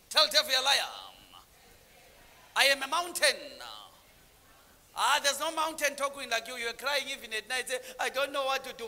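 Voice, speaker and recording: High, bright-voiced preacher in a hall. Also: male voice, fairly even intonation, normal speed, pauses often. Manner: call-and-response preaching, swings from low murmurs to shouted lines. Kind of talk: sermon.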